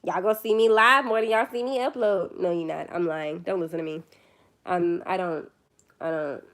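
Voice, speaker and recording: A woman's voice: on the low side, fairly even intonation, normal speed, a bit bright. A young woman chatting casually on her first phone livestream, tired late at night, rambling and self-deprecating.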